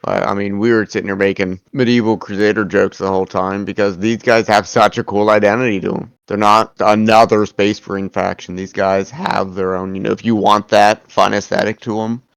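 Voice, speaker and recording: A man in a casual chat, laid-back and even. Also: fairly low pitch, fairly quick, vocal fry, hardly any pauses, smooth, no room sound.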